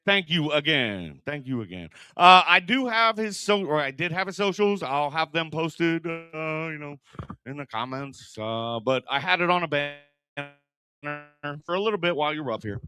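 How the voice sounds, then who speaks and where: A man's voice: on the high side, normal speed, pushed and bright, smooth, no room sound, faint music behind. A man hosting a comedy night, introducing the next comic in a loose, rambling way with lots of fillers. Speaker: show host and MC. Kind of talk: introducing comics at an open mic. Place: comedy club stage.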